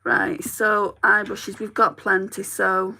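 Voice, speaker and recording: Gravelly bright northern English woman. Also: medium pitch, level tone, slow pace. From northern England. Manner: chatty, rambling, talks to viewers. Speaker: beauty vlogger. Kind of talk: casual chat while doing makeup.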